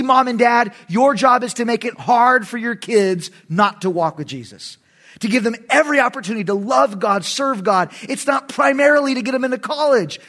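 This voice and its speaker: High-voiced, animated middle-aged preacher man. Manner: animated and emphatic, with sudden loud bursts. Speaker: pastor. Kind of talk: sermon.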